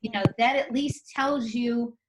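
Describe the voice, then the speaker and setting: A woman's voice: a little high, fairly even intonation, measured pace, a little hiss or hum, low-quality recording. A middle-aged woman, a tennis coach and parent, giving plainspoken advice in casual interview talk.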